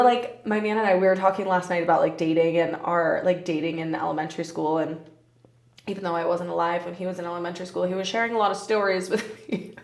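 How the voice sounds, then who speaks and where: A woman's voice: medium pitch, fairly bright tone. Woman, twenties, podcast host, candid, laughing, swearing, echoey room. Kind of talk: casual solo podcast chat.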